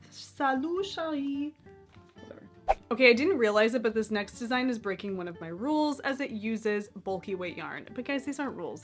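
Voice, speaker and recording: A young woman hosting a knitting podcast, chatting casually and enthusiastically about her favorite patterns, now and then poking fun at herself. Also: mid-range voice. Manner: chatty, enthusiastic, self-deprecating.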